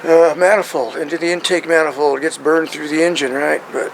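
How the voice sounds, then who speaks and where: A man's voice: on the high side, flat delivery, a little fast, creaky, a little hiss or hum, poor audio. A man casually explaining his truck engine while working on it, rambling and often checking in with "right?".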